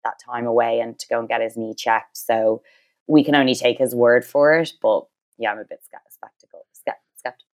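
A woman's voice: extremely low pitch, steady tone, a little fast. A young woman from Dublin with an Irish accent, chatting as a podcast guest, rambling with fillers and restarts. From Ireland. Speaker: guest, former reality show crew member. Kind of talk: casual podcast chat.

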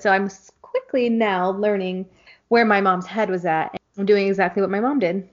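A woman co-hosting a podcast tells stories in casual chat, speaking at a moderate pace with a medium pitch. She's an animated storyteller who acts out quotes, though the dull lo-fi recording sounds muffled.

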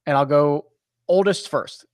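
A man's voice: a little high, a little slow, no echo, studio quality. A man hosting a golf podcast, talking animatedly and tripping over his own words as he runs the discussion. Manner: animated, restarts and trips over himself. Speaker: podcast host. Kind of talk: casual sports podcast chat.

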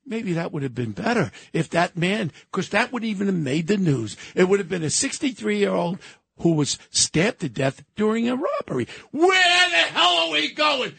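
A man in his seventies ranting angrily on a political talk radio show, often shouting. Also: sits high, sing-song, moderate pace, creaky, breathy edge. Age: 70s. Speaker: radio co-host.

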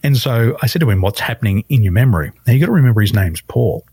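A man, a life coach guest on a podcast interview, telling stories with lively emphasis and acting out the people he quotes. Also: medium pitch, fast talker, slightly rough. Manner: animated storyteller acting out quoted voices.

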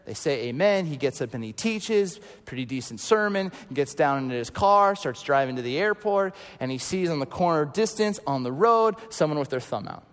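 A male pastor in his thirties preaching a sermon, telling stories and swinging from loud to hushed. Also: on the high side, lively intonation, normal speed, hardly any pauses, long reverb tail.

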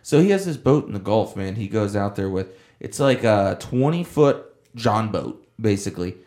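Young Florida man, charter captain, casual and profane podcast talk, slightly low voice. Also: expressive, moderate pace, a little mellow. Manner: loose, swears freely, slips into playful impressions of others. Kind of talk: casual chat.

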